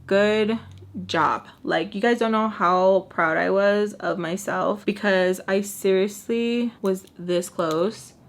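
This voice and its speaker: A woman's voice: mid-range voice, slow. Chatty young woman telling a story. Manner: chatty, animated, drops in Spanish words and fillers. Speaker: storytime vlogger. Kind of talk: casual storytelling to camera.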